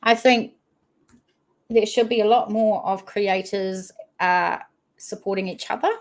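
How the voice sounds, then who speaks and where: Slow-talking woman livestream host. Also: medium pitch, steady tone. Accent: New Zealand. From New Zealand. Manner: chatty, reads viewer comments aloud. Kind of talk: casual livestream chat.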